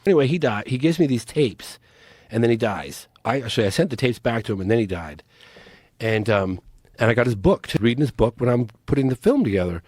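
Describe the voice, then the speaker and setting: A man's voice: medium pitch, animated, brisk, darkish tone. A man speaks as a podcast guest, earnest and urgent, in a mid-range voice. The sound is dry and close to the mic, with no room echo. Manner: earnest, urgent, pleading appeals. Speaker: podcast guest, documentary filmmaker. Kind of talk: casual interview talk.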